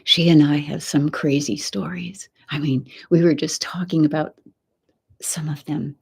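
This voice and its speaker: A middle-aged woman hosting a soft-spoken ASMR live chat close to the mic, rambling as she slips between whispers and a quiet voice. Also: sits low, steady tone, measured pace, creaky, slightly rough. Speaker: ASMR channel host.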